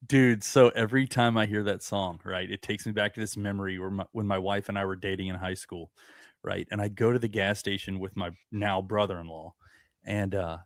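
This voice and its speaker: A man's voice: on the low side, fairly even intonation, a little fast, dry recording, studio quality. A man in his thirties telling a rambling story in casual podcast chat, restarting his sentences. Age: 30s. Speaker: podcast co-host.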